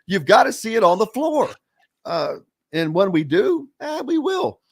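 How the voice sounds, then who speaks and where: A man's voice: sits high, very animated, unhurried, vocal fry. A man hosting a sports radio show, chatting casually and animatedly with a guest.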